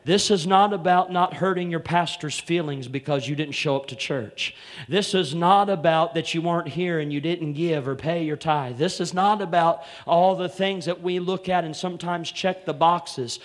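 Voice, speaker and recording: A pastor gives a Sunday morning sermon in a fairly high voice, growing loud and drawn-out until he's shouting. He names people in the congregation and calls to them again and again with "come on here."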